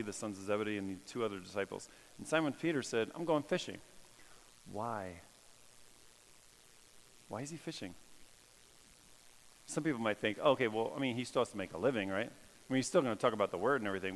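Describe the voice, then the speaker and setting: A man preaching a casual, animated sermon, acting out quotes and laughing at his own jokes. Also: mid-range voice, slight background noise. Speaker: pastor. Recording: long hall reverb.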